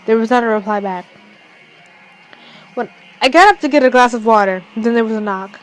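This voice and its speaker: A young woman reading a first-person fan fiction story aloud, haltingly, with restarts. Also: on the high side, soft background music, low-quality recording.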